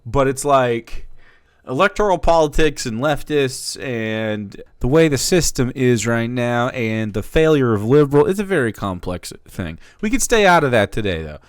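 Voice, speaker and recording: A man's voice: mid-range voice, animated, moderate pace, clear, resonant tone, no room sound, clean studio sound. Sarcastic man reacting to a clip. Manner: sarcastic, mocking asides with laughs. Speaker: streamer reacting to a video. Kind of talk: casual commentary.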